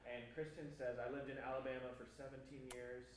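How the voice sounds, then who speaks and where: Quick man reading comments in an echoey room. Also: medium pitch, level tone, a little hiss or hum. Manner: quick, offhand reading of names. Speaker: producer reading viewer comments.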